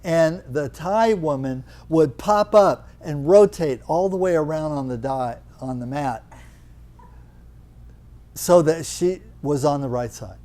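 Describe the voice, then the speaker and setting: A man's voice: a little high, slow, warm tone. An older man teaching a live Thai yoga class, chatty and teasing, explaining with questions to students in the room.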